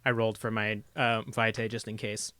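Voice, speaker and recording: A man's voice: lowish voice, level tone, moderate pace, sharp tone, dry recording. A man playing a tabletop game in casual chat, laughing often and thinking aloud with many fillers. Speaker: player.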